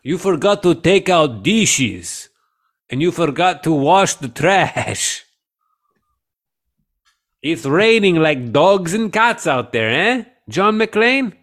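A man's voice: a little high, sing-song, slow, fairly bright tone, voice pushed up, exaggerated voice. A man putting on the nagging voice of an old woman who speaks for a spaceship, drawn out and scolding.

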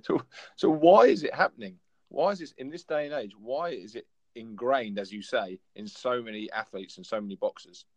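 A man's voice: medium pitch, normal speed, a little mellow, dry recording. A man hosting a podcast, asking his guest questions and listing examples before each one. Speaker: podcast host. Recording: dull lo-fi remote sound.

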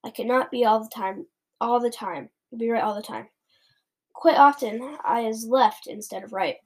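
Woman doing a big friendly giant, earnest and gentle, jumbled grammar, storybook reading, fairly high voice. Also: normal speed, breathy edge. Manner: mangles words, gentle and earnest. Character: big kindly male giant, muddled grammar. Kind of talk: storybook read-aloud.

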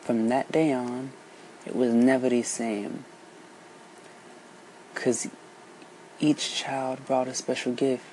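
A storyteller reading a folk tale aloud, unhurried and lilting, switching voices for each character. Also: mid-range voice, flat delivery, mellow, slight background noise, poor audio.

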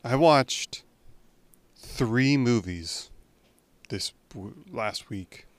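A man's voice: medium pitch, lively intonation, extremely slow, no room sound. A young man co-hosting a podcast, talking in a chatty, rambling way with frequent restarts. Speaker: podcast co-host. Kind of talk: casual chat.

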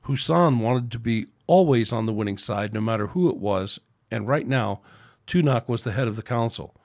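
A man hosting a podcast, reading his own science fiction story aloud in a steady, plain manner with small slips. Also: medium pitch, moderate pace, no room sound, studio quality.

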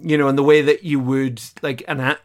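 This man speaks a little fast at a medium pitch that barely moves. As a podcast co-host watching a classic series for the first time, he casually recaps an episode, chatty and hesitant, using lots of fillers and laughing as he talks.

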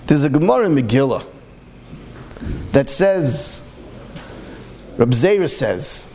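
A man's voice: medium pitch, sing-song, takes it slowly, darkish tone, slight background noise. A man giving a storytelling sermon as a Torah speaker, impassioned and full of repeated rhetorical questions.

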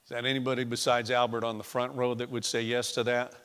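A man preaching a sermon in a church, swinging between hushed, intimate lines and loud, emphatic ones. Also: medium pitch, level tone, quick pace, clear, resonant tone. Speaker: pastor. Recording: echoey church hall.

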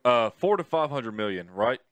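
A man's voice: mid-range voice, big pitch swings, normal speed, a bit bright, no echo. A man co-hosting a casual podcast, teasing and egging the others on. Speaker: podcast co-host.

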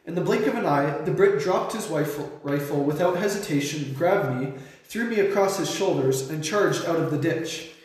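A man's voice: fairly high pitch, normal speed, a little mellow. Young man reading a story, echoey room. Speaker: student author reading his own story. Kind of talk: dramatic reading of a short story.

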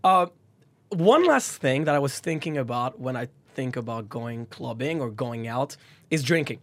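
A man's voice: medium pitch, normal speed. A young man from France with a French accent, chatting playfully as a podcast co-host. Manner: animated, playful, many "like" and "you know" fillers. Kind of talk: casual chat.

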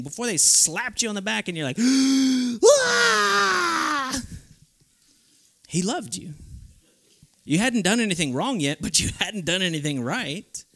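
A man with a fairly high voice preaches at a youth camp. His delivery is animated, and he slips into the voices of the people he quotes. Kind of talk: sermon.

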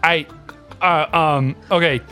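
A man's voice: on the high side, steady tone, takes it slowly, pushed and bright, faint music behind. A young man co-hosting a casual podcast, trying to tell a story while trading joking insults with his friend. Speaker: podcast co-host. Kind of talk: casual chat.

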